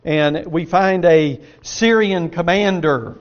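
A man's voice: on the high side, slow pace, dull audio. A man preaching a sermon and reading scripture aloud, earnest and folksy, asking his listeners rhetorical questions.

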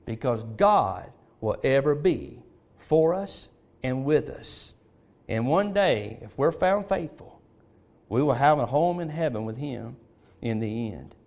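A man's voice: medium pitch, expressive, slow, a little mellow. Emphatic male preacher, muffled recording. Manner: emphatic, calling to the congregation. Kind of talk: sermon. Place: church. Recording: dull lo-fi recording.

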